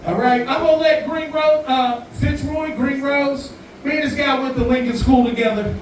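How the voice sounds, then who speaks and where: A man hosting a live community event, talking casually to the crowd in a profane, joking, animated way. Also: extremely high pitch, normal speed. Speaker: event host. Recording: very echoey room, far from mic, audible background noise.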